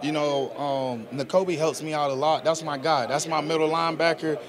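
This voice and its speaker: A young man in his twenties talks earnestly and casually, slangy, as a football player at a press interview. His voice sits a touch high for a man, and a crowd murmurs steadily behind him. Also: fairly even intonation, moderate pace. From South Georgia, US. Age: 20s.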